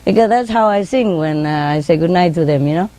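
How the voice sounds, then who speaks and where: A woman speaking as a spiritual teacher tells informal anecdotes to an audience in non-native English grammar, often saying "you know," laughing a lot and mimicking her birds' calls. Her voice is fairly low-pitched and dark in tone, her pace brisk, and the recording is low quality.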